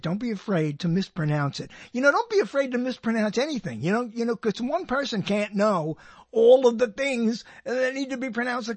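Rambling older radio host, husky voice. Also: male voice, high voice, dry recording. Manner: rambling, self-interrupting, joking. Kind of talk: rambling solo monologue.

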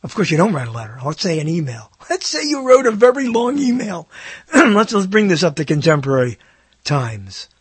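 An older man hosts his own show in a loose, rambling monologue that keeps doubling back on itself with wry asides. His voice sits a little high and has a husky edge, and the recording is dry and close with no room sound. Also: wildly swooping pitch, moderate pace, dry recording. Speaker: host. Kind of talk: casual solo talk show monologue.

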